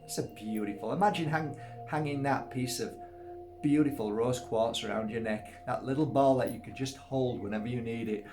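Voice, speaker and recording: A man showing off his crystals in a casual video, gushing with exclamations and squealing up high in delight. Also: normal speed, music in the background. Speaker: crystal seller and workshop host. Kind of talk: casual show-and-tell video.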